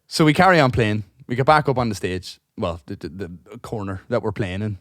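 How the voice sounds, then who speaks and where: A man's voice: on the low side, lively intonation, fairly quick, a bit bright, no room sound. Guy rambling thru a pub story, swearing, doing everyone's lines, dry close sound. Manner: rambling, swears a lot, acts out dialogue; restarts and trails off while telling stories. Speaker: podcast co-host. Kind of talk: casual chat, long anecdote.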